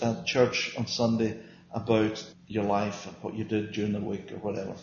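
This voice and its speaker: A man's voice: on the low side, level tone, normal speed, a little mellow, slight background noise. A man teaching a small Bible study group, speaking earnestly and emphatically and often asking and answering his own questions. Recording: roomy, dull lo-fi recording.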